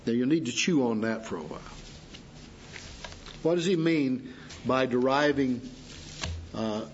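A man preaching a sermon, teaching slowly and deliberately with pauses for emphasis. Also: medium pitch, expressive, slight background noise. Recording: dull lo-fi sound.

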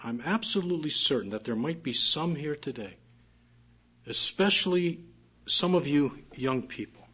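A man's voice: medium pitch, fairly bright tone, slightly rough. A man preaching a morning sermon, reading scripture aloud and repeating key phrases with emphasis. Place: church service. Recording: muffled dull recording.

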